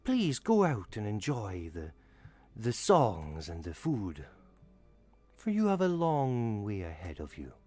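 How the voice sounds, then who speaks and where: A man voicing an old female fortune teller who speaks in a low, hushed and cryptic way. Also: wildly swooping pitch, slow pace, no room sound, soft background music, heavily acted. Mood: solemn.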